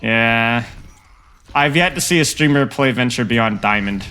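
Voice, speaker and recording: A man's voice: mid-range voice, animated, unhurried, pushed and bright, slight background noise. A man with a nasal voice coaching a player in a casual, frank, rambling way full of fillers. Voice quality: self-described nasal voice. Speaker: game coach.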